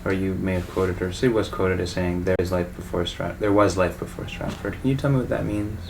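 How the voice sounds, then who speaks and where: Gravelly interviewer asking halting questions. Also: male voice, low-pitched, fairly even intonation, a little hiss or hum, poor audio.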